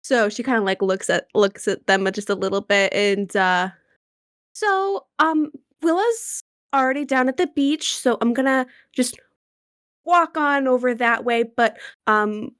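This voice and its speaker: A casual woman at a tabletop game, often pausing with fillers. Her voice is a touch high and the sound dry. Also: fairly bright tone, no room sound. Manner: casual, hesitant, many fillers. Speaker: player.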